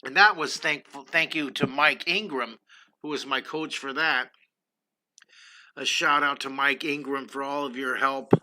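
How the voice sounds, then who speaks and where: A man's voice: mid-range voice, steady tone, unhurried, pushed and bright. An older man hosting a casual livestream drawing lesson, chatty and enthusiastic, greeting viewers by name while he draws. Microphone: computer streaming setup.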